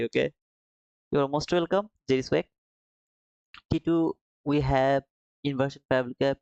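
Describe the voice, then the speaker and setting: A man's voice: mid-range voice, gravelly. A man talks through a live trading stream, reading out chat messages and replying casually. He addresses viewers as brother and man. The sound is dull and dry, with no room echo. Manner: reads viewer comments aloud and answers them.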